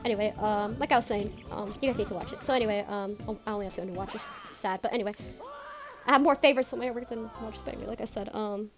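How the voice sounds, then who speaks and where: A woman's voice: mid-range voice, fast, music in the background. A young woman chatting casually while streaming a game, rambling, repeating herself and swearing often. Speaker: gaming streamer. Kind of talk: casual let's-play chat.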